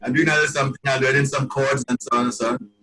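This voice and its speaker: A Trinidadian man, a songwriter being interviewed, telling stories in a lively way, stumbling over repeated words and acting out what people say. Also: mid-range voice, racing, poor audio. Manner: animated storyteller, repeats words, quotes people in a rising voice. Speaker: calypsonian guest. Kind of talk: casual interview talk.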